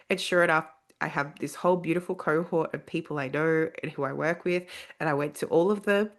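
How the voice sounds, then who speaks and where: Speaking a little fast in a low-pitched voice, a woman on a podcast shares a personal anecdote casually and with animation. When she quotes others, she acts out their lines.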